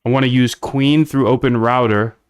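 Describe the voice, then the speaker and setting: A man's voice: medium pitch, steady tone, normal speed, smooth, no echo, clean studio sound. A man hosting a casual livestream, coding aloud and bluntly reacting to chat. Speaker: livestream host.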